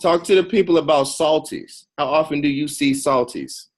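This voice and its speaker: A man's voice: on the high side, moderate pace. A man hosting a podcast over a video call, teasing his guest in playful, profane banter. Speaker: podcast host.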